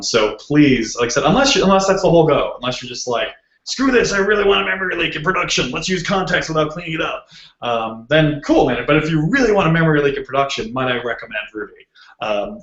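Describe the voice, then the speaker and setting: A man with a Boston accent giving a casual, joking technical talk as a guest speaker, full of ums. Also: medium pitch. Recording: roomy muffled video call audio.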